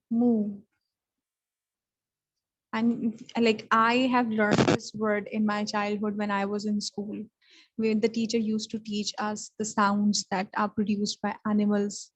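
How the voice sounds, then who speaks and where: A woman with a Pakistani English accent teaching English vocabulary in an online lesson, explaining each word and repeating it slowly. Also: fairly high pitch, rough recording.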